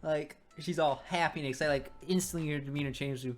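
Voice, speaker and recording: A man's voice: a little high, fairly even intonation, fast, hardly any pauses, faint music behind. Chatty young man reviewing comics. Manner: rambling, chatty, joking asides. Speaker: webcomic reviewer. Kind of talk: casual commentary.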